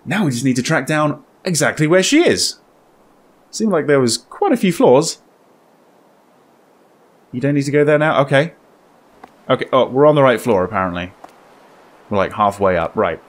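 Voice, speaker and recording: Lively man narrating gameplay. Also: medium pitch, moderate pace, pauses often. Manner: chatty, joking, reacts out loud. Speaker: gaming YouTuber. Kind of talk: let's play commentary.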